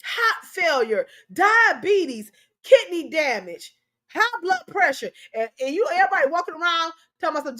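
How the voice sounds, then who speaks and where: A woman's voice: extremely high pitch, big pitch swings, moderate pace, pushed and bright. A middle-aged woman hosting a talk show, giving emotional commentary on a news story, preachy and impassioned and repeating herself.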